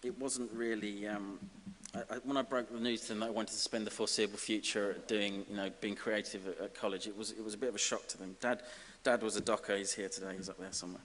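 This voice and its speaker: A man's voice: on the low side, flat delivery, fairly bright tone. Man, wry speech in echoing hall. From Essex, England. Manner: self-deprecating, wry, halting with fillers. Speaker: honorary graduate giving a speech. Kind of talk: comic acceptance speech. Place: large ceremony hall. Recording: reverberant hall with faint hiss.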